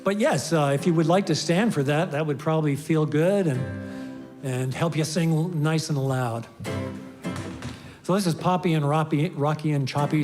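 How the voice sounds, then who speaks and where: A man leading a worship service who reads a poem and gives relaxed, joking song instructions to the congregation. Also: a little high.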